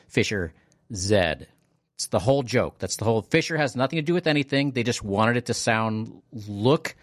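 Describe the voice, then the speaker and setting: Male night-show DJ, low-pitched, rambling and chatty, dry studio sound. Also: fairly bright tone, no echo. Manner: rambling, chatty, jumps between slow and fast. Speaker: radio DJ. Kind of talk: casual radio DJ chat. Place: radio studio. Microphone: studio mic.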